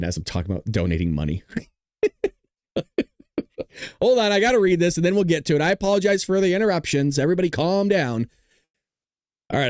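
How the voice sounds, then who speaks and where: A man's voice: medium pitch, a little mellow, no echo, clean studio sound. A man hosting a live political commentary stream, talking casually to his chat, jokey and profane. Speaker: livestream political commentary host.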